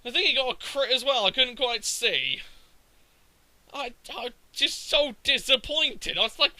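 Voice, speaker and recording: A man's voice: very high voice, sing-song, moderate pace, pushed and bright, dry recording, low-quality recording. A young man giving a sweary, exasperated commentary over his own game recording. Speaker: gaming commentator.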